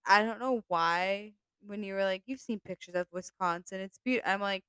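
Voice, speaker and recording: A young woman co-hosting a podcast, giggly and quick to react, often apologizing. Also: medium pitch, a bit bright, clean tone, dry recording. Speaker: podcast co-host. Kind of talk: casual podcast chat.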